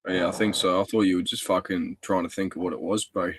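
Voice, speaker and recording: A man's voice: deep voice, fairly even intonation, quick pace, slight background noise. A man in casual chat, laid-back and agreeing.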